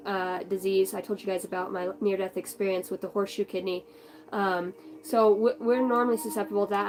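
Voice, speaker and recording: A young woman hosts a spiritual channel, giving a card reading in a rambling, chatty vlog with the occasional swear word. Her voice is mid-range, and the recording is rough.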